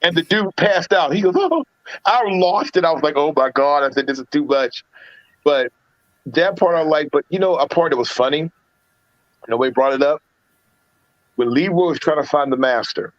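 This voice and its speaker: A man's voice: on the high side, moderate pace, no echo, dull audio. A man in casual livestream chat about films, telling stories with many restarts and acting out quotes from scenes. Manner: animated storyteller, acts out movie quotes, many restarts. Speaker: podcast panelist reviewing films.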